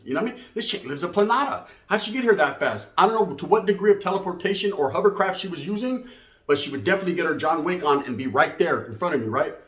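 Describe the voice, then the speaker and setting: A man's voice: sits high, lively intonation, fast talker, a bit bright, slight background noise. A middle-aged man, telling a comic story in streetwise slang and tagging lines with "right?". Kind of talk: comedic storytelling. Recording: roomy echo.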